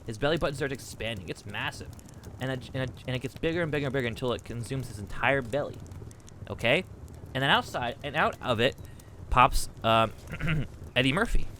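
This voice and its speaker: A man streaming a game and telling a long, rambling, profane comic story with animated asides. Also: mid-range voice, fairly quick, a little hiss or hum.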